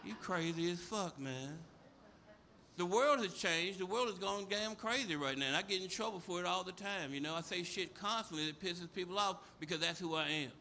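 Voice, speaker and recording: Brash, high-voiced stand-up comic man. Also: normal speed, gravelly, pushed and bright. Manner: profane, brash, storytelling. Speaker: stand-up comedian. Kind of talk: stand-up comedy set. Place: comedy club stage before a live audience.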